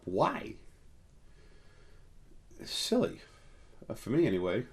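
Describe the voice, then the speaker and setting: A man hosting a spiritual video, rambling through a casual monologue to his viewers and leaping higher in pitch whenever he quotes someone. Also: moderate pace, darkish tone. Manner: storytelling, jumps up high when quoting people.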